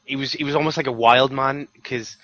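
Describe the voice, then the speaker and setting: Brief: UK co-host, bright tense male voice, chatty and hedging, muffled lo-fi sound. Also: medium pitch, fairly even intonation, fairly quick. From United Kingdom. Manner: chatty, hedging, many fillers. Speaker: film review podcast co-host. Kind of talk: casual film review chat.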